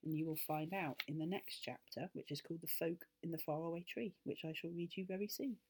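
A woman reading a children's story aloud with expressive delivery. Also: deep voice, brisk, slightly rough.

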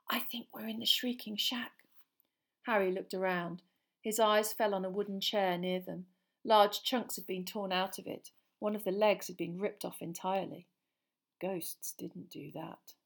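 A woman reads a story aloud for an audiobook in a dramatic, expressive way, lowering to a hush during tense passages. Her pitch sits fairly low.

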